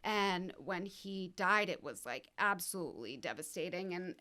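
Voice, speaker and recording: A woman's voice: lowish voice, animated, moderate pace, pushed and bright, slight background noise. A young woman, a wellness coach and podcast guest, chatting candidly, swearing freely and acting out quoted speech with big swings. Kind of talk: casual podcast chat.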